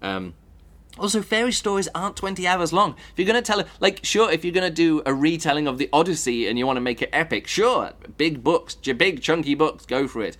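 A man's voice: a little high, lively intonation, brisk, fairly bright tone. A man from the UK, giving a casual spoken book review, rambling and thinking aloud with many fillers and restarts.

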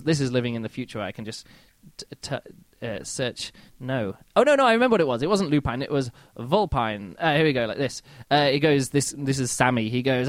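A man's voice: on the high side, no room sound. A man hosting a podcast, casually reviewing a book in an exasperated, mocking way. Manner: exasperated, mocking, animated, reads quotes aloud.

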